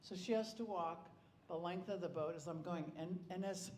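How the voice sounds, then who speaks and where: A man's voice: high voice, normal speed, a little mellow, slight background noise. A middle-aged man shares family stories at a memorial, circling back on himself with many restarts. He acts out the dialogue with some life. His voice carries an echo off the walls of a roomy hall, with faint ambience behind it. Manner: rambling anecdotes with frequent restarts. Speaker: eulogy speaker. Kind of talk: personal storytelling at a memorial. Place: club hall.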